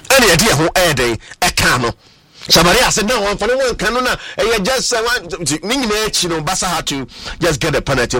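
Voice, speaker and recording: A Ghanaian man presenting sports on the radio, switching between Twi and English, animated and fond of repeating words. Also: sits high, dry recording. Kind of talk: lively radio sports talk.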